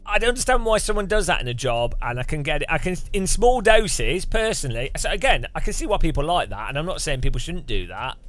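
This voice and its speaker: A man's voice: on the high side, big pitch swings, quick pace, hardly any pauses, a bit bright, no room sound, faint music behind. A man chatting casually on a live stream, rambling and musing with frequent restarts.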